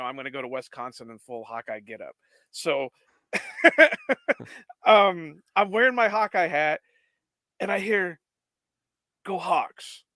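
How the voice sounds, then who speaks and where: Man, podcast co-host, casual chat, bright voice, dry sound. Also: on the high side, dry recording. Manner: chatty storyteller, laughs often.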